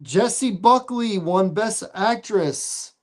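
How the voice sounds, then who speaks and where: Measured man recapping award news. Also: sits high, animated. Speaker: podcast co-host. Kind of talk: casual podcast chat.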